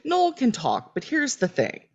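A woman's voice: a little high, wildly swooping pitch, measured pace, darkish tone, dull audio, pitched above the performer's own voice, heavily acted. A woman voicing a blunt, matter-of-fact male therapist in a podcast recap, speaking in a pointed way.

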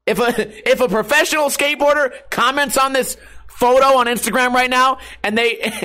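A man's voice: extremely high pitch, steady tone, normal speed, pushed and bright. A young man skateboarder ranting to his viewers in a sarcastic, profane, self-mocking way. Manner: sarcastic, profane, laughing at himself. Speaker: skateboarder and online streamer. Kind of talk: casual rant to viewers.

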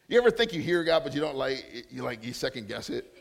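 A man preaching as a guest speaker in a church, laughing often and repeating words when excited. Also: mid-range voice, quick pace, vocal fry. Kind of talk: sermon with prophetic words. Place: church hall.

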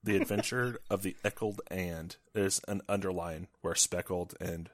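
A man's voice: sits low, steady tone, moderate pace, no echo. A man as a podcast guest, chatting casually and rambling. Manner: rambling, many fillers and restarts. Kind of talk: casual chat.

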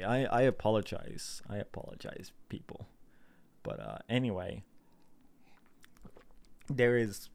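A young man in a casual, rambling monologue, sarcastic and profane, full of fillers and self-interrupting asides. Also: mid-range voice.

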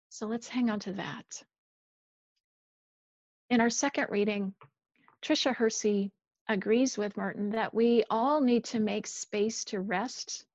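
A woman minister giving a measured, earnest sermon, dropping softer on key phrases. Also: medium pitch, no room sound, lo-fi sound.

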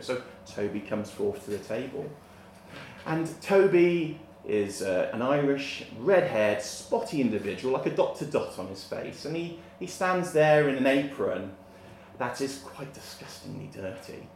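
A man spins a comic story for a live audience, chuckling at his own punchlines. His voice sits at an ordinary middle pitch. The room adds a clear echo and a faint murmur of ambience. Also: lively intonation, normal speed, a little mellow, a little hiss or hum. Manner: jokey, laughing at his own lines. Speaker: comedian. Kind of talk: stand-up storytelling.

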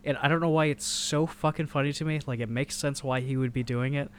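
A relaxed young man chats about a film he loves, retelling scenes with plenty of quotes. His voice is mid-range, and a faint hum sits under the recording. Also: medium pitch, quick pace. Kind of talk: casual movie discussion.

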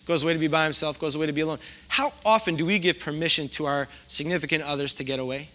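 Bright-voiced man preaching a casual sermon. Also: on the high side, rapid-fire, a little hiss or hum. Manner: conversational, self-deprecating, asks the audience questions. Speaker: pastor.

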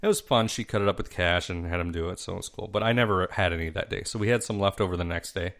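Low-voiced man telling stories deadpan. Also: quick pace, vocal fry. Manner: storytelling, deadpan jokes. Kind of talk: casual chat.

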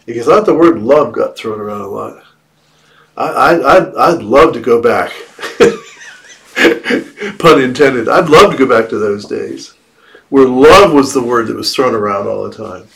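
A man delivers a Buddhist dharma talk at an unhurried, measured pace. His voice sits in an ordinary middle pitch, and he lightens his reflective teaching with playful asides. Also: lively intonation, vocal fry, a bit bright.

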